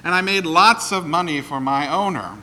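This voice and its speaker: A man preaching, voicing a polite, friendly talking greyhound that once raced, with his pitch lifted. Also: normal speed, sharp tone. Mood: cheerful. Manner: cheerful, courteous, finally rueful.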